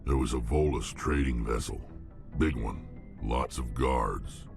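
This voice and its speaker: A man's voice: unhurried, a little mellow, soft background music, exaggerated voice. An actor voicing a huge, battle-hardened male alien mercenary in game dialogue, blunt and clipped. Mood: gruff. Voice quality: deep gravelly growl. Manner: blunt, clipped, terse sentences.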